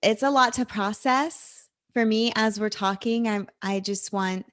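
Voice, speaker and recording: A woman's voice: medium pitch, measured pace, no room sound, clean studio sound. A woman hosting a casual podcast interview, supportive and affirming as she listens and asks questions. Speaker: podcast host.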